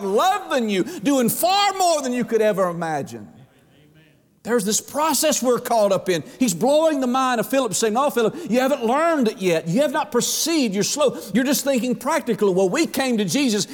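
Preacher guy, pretty high voice, stretches words out, asks the crowd questions, big church echo. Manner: preaching with swings in pitch, drawn-out emphasis, rhetorical questions. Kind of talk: sermon. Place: church sanctuary. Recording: long hall reverb.

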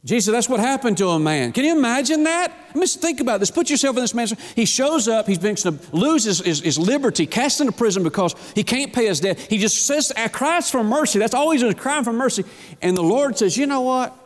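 Fervent preacher in a reverberant hall. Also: male voice, fairly quick. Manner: fervent preaching, acts out voices, rises to high excited pitch. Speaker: pastor. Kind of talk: sermon. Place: church sanctuary.

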